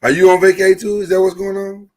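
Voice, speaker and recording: A man's voice: high voice, quick pace, poor audio. A man co-hosting a podcast in casual chat, joking. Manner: playful, animated, jokey preacher-style delivery. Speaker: podcast co-host. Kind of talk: casual chat with mock church-service banter. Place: podcast studio.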